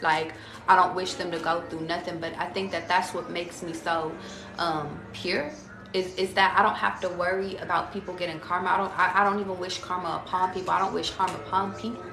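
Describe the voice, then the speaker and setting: A woman's voice: on the low side, fairly even intonation, a little fast, vocal fry, reverberant, music in the background. A woman giving a casual tarot reading to her viewers. She talks in a slangy, profane, chatty way and calls them y'all. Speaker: tarot reader.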